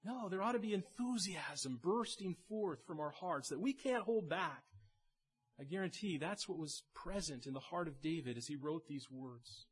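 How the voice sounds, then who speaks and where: A man's voice: fairly high pitch, lively intonation, normal speed, slightly rough. A male pastor preaching a sermon in an earnest manner, rising to emphatic peaks and often repeating his words.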